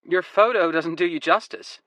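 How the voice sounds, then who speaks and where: A man's voice: normal speed, pushed and bright, no echo. A man doing a coaxing young American woman. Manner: breezy, coaxing, lifted pitch.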